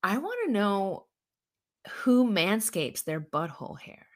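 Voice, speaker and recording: A woman's voice: medium pitch, huge pitch swings, takes it slowly. A woman co-hosting a podcast, chatting casually and teasing her co-host in a playful way. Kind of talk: casual chat.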